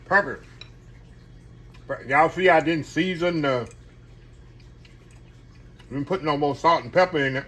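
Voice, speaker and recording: A man's voice: a little high, pushed and bright. A man giving a casual cooking demonstration, chatting to his viewers and calling them y'all. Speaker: home cook hosting a cooking channel.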